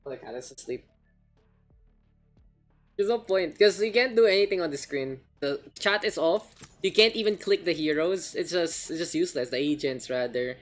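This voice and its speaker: A man's voice: on the high side, expressive, normal speed, faint music behind. A man with a Filipino accent, hosting a casual game stream and swearing loosely as he mixes English with Filipino. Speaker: caster and stream host.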